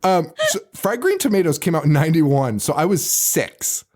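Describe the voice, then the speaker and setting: Animated man chatting about a movie. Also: fairly high pitch, normal speed. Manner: animated, laughs often, acts out quotes. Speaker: podcast host. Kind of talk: casual chat about a film.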